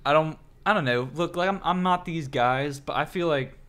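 On a casual late-night podcast, a man hosts and rambles through stories, acting out the quotes as he goes. His voice is a little high and smooth, with a fairly bright tone and a moderate pace.

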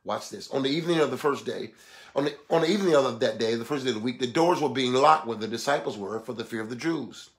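A man preaching a sermon, swinging between emphatic shouts and hushed, low passages, calling out to his listeners. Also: fast. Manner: calls out exclamations and asks the listeners for response.

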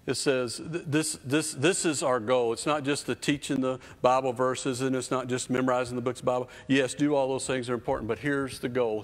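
A man in his fifties preaching a sermon as a children's pastor, emphatic and repetitive, building in intensity. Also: mid-range voice. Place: church stage. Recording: reverberant church hall.

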